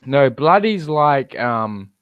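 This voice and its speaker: A man's voice: mid-range voice, very animated, slow pace, smooth, no echo, narrow, tinny audio. An Australian man in his thirties chatting casually in a gaming voice chat, joking and swearing freely. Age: 30s.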